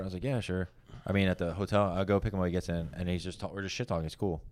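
A man's voice: low-pitched, steady tone, fast, a little mellow, no room sound. A man hosting a podcast, rambling loosely in casual chat and tripping over his words. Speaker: comedian podcast host.

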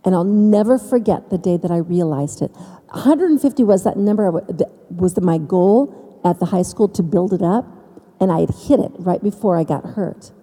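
Mellow-voiced woman giving a testimony in a hall. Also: on the low side, breathy edge. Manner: storytelling with dramatic pauses and emphasis. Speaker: speaker giving faith testimony. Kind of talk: personal testimony speech.

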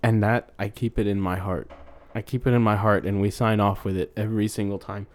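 A man's voice: on the low side, flat delivery, brisk, darkish tone, natural voice. A man playing a melodramatic man on the run, pleading in an overwrought soap-opera style. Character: melodramatic runaway man hiding from a syrup mob.

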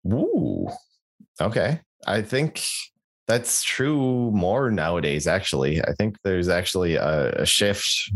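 A man's voice: low-pitched, expressive, a little slow. A young man co-hosting a podcast, chatting casually with jokey asides and lots of fillers and restarts. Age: young adult. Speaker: podcast co-host.

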